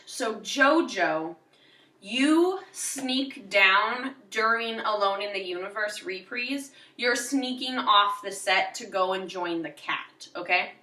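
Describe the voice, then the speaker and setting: Bright-voiced woman teacher in an echoey room. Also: mid-range voice, distant mic. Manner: directing students, with sung and spoken examples. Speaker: drama teacher. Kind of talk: choreography instruction.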